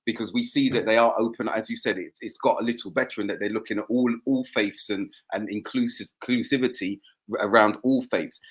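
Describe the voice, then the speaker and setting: A man co-hosting a podcast, speaking in a measured, earnest way with pauses. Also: medium pitch, slightly rough. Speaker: podcast co-host. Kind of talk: casual discussion.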